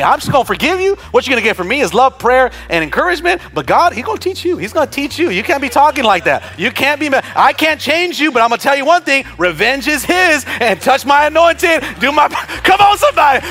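A man's voice: high-pitched, brisk, soft background music. A man preaching a sermon as pastor, joking with the congregation, calling for amens and leading a prayer. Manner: animated preaching with humor and call-and-response. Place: church with several campuses, also streamed online.

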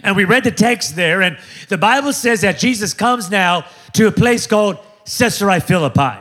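A man in his forties preaching an energetic sermon, joking with the crowd and driving points home with call-and-response repetition. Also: high voice, moderate pace. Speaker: pastor.

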